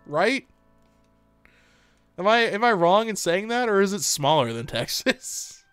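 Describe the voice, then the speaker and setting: A man's voice: sits high, big pitch swings, a little slow, fairly bright tone, clean tone, no echo, soft background music. An American man streaming live, chatting casually and playfully with his chat, reading comments aloud and laughing often.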